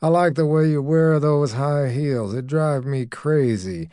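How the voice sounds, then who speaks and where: A man reading an audiobook, voicing a gruff, menacing drunk man who talks low and slow. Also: mellow, no echo, studio quality, close to an everyday voice. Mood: leering.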